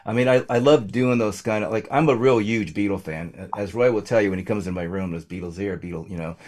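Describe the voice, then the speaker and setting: A man's voice: lowish voice, fairly quick, darkish tone. A man, a guest singer-songwriter, chatting casually and rambling with lots of fillers. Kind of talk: casual chat.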